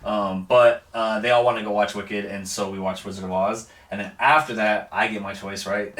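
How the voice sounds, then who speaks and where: A man's voice: on the low side, steady tone, moderate pace, a bit bright. A young man co-hosting a podcast, chatting casually and rambling with frequent laughs. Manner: laid-back, rambling, laughs often. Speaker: podcast co-host. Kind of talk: casual chat. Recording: roomy, distant mic, lo-fi backup audio.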